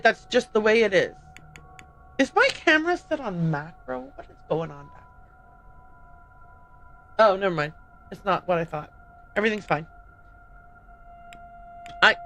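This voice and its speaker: A woman streaming a game, chatting in an excitable, jokey, self-deprecating way with quick tangents. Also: medium pitch, poor audio. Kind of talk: livestream gameplay commentary.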